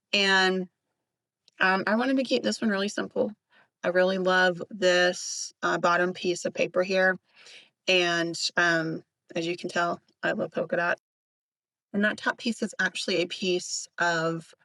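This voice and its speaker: A woman with a Southern accent walks through a craft project in a relaxed, chatty voice-over, full of gushing asides and small fillers. Her voice sits a little low, recorded close and dry with no room around it. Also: no room sound. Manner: chatty and enthusiastic, many fillers. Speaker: craft tutorial host.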